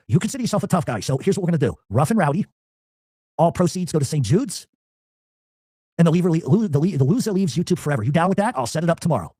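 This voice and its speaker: Man, hostile fast rant, husky voice, lively pitch, dry close sound. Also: dry recording. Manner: aggressive, profane, taunting. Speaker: angry ranter. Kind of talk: insult-filled challenge rant.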